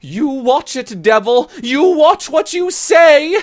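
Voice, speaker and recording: A man voicing an angry ginger Scottish giant woman who yells and bellows. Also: very high voice, lively intonation, takes it slowly, pitched above the performer's own voice, exaggerated voice. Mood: furious. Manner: yelling, bellowing.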